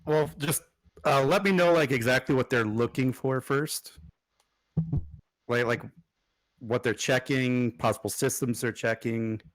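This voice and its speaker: A man acting as game master in an online tabletop game, hesitant and full of "like", making quick rule calls. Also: medium pitch, no room sound, rough recording.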